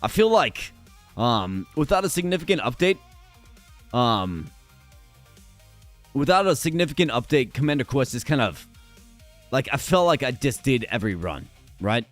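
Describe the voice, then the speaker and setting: A man with a hoarse voice, chatting energetically with viewers during a live stream. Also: mid-range voice, very animated, moderate pace, long pauses, soft background music.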